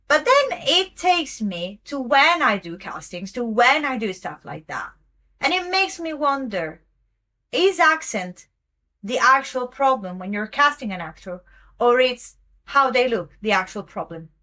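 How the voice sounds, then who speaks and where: A woman's voice: a little high, big pitch swings, measured pace, sharp tone. A woman hosting a podcast whose first language is not English, giving a rambling, emphatic casual commentary full of fillers and self-corrections. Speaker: podcast host.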